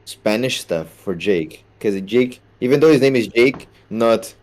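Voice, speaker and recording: Mellow-voiced man thinking aloud. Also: mid-range voice, lively intonation, unhurried. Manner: thinks aloud with many fillers. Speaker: podcast co-host. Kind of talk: casual chat.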